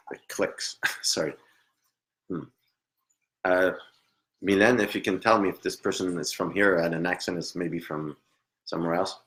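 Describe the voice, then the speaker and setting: Low-voiced guy doing live psychic readings, hesitant, says sorry a lot, laughs, trails off quietly. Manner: hesitant, apologetic, laughs often, trails into murmurs. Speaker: psychic medium. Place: at home at a computer.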